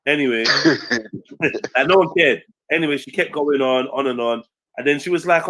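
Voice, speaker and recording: A man, telling a story in casual chat, animated and slangy, swearing freely and acting out what others said. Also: medium pitch, moderate pace, pauses often, poor audio. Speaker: stream panelist.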